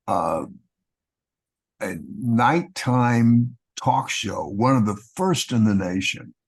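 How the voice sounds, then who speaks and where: An older man from Texas, a guest actor, telling long anecdotes in an interview in a relaxed, storytelling way. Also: fairly low pitch, husky. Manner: relaxed anecdotal storyteller, acting out quoted voices.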